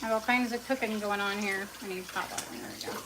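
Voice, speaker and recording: A woman's voice: medium pitch, fairly even intonation, quick pace, background noise. A woman narrating her own cooking in a casual livestream, muttering to herself as she works in her home kitchen. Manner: chatty self-narration, muttering to herself, bursts of yelling at her dog. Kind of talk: casual talk while cooking.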